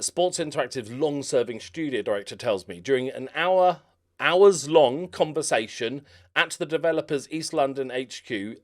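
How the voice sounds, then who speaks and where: Chatty male YouTuber, raised pitch, reads an article aloud and breaks in with jokes. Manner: chatty, breaks off to joke and laugh between read passages. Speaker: gaming YouTuber. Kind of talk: reaction commentary reading an article aloud.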